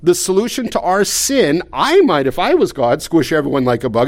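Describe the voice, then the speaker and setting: A man delivers a sermon in a slightly raised pitch. He talks plainly and conversationally, stumbling into repeated words and restarts. He keeps asking his listeners rhetorical questions. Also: sing-song, fairly quick, few pauses, a little mellow. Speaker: pastor.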